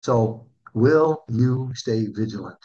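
A male pastor delivering a sermon in a husky, slightly breathy voice. He speaks earnestly, asks his listeners questions, and slows down when reading scripture. The recording sounds dull and lo-fi. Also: medium pitch, lively intonation, dark tone.

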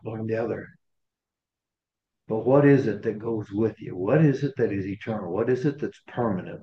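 A man preaching a sermon in a conversational way, often repeating and restarting his phrases. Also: on the low side. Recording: roomy, dull recording.

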